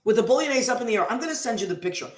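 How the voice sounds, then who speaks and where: A woman hosting a radio show, chatting casually and effusively as she gives listeners shout-outs. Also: a little high, expressive, very fast, reverberant.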